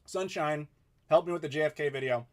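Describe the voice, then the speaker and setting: A man's voice: fairly high pitch, a little fast. A man in his thirties hosting a casual live question-and-answer stream from home. He talks in an easygoing, chatty way and laughs often. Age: 30s. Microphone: desk mic in front of him.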